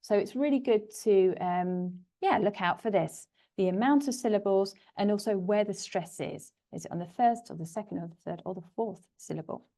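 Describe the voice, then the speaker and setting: A woman's voice: medium pitch, normal speed, hardly any pauses, dark tone. A woman teaching English pronunciation in a webinar, explaining patiently and overpronouncing example words over a computer mic. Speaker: language teacher. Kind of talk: webinar lesson.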